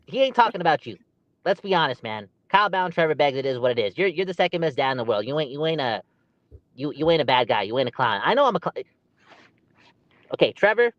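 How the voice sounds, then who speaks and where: A man co-hosting a podcast, ranting in an animated, exasperated way. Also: a little high, fast talker, no echo, highs cut off. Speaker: podcast co-host. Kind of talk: heated casual podcast chat.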